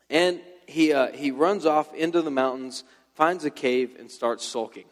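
A man's voice: fairly high pitch, normal speed. A young man preaching a casual, slangy sermon to a youth group and telling the story loosely, like a friend would. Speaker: youth pastor. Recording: long hall reverb.

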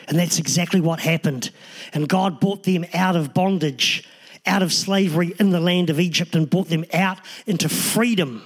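A man's voice: high-pitched, normal speed. A man, a pastor, preaching a sermon in an earnest, emphatic way with short repeated phrases.

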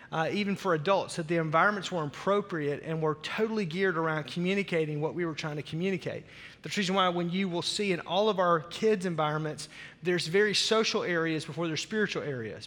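A man's voice: sits high, a bit bright. A middle-aged man with a Southern US accent, a senior pastor giving a chatty, joking sermon welcome that rambles with restarts, on a stage microphone in a large church. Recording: long hall reverb.

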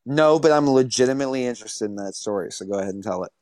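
Young male podcast host, lively and crude, dry close mic. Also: mid-range voice, rapid-fire, no room sound. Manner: animated, profane, repeats himself. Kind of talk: casual podcast banter.

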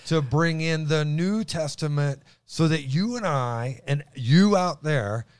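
An excitable man teaching the Bible in a casual chat, his voice booming as he stumbles over restarts. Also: slow pace, clear, resonant tone, dry recording, clean studio sound.

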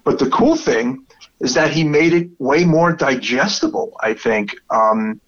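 A man's voice: on the high side, sing-song, measured pace, fairly bright tone, muffled recording. A man with a Brooklyn accent chatting enthusiastically about movies, swearing freely and rambling with restarts. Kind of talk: casual chat.

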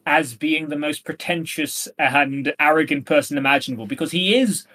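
Chatty man with a higher voice. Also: moderate pace, sharp tone. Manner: rambling, hedging with fillers. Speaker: podcast co-host. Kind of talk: casual literary discussion.

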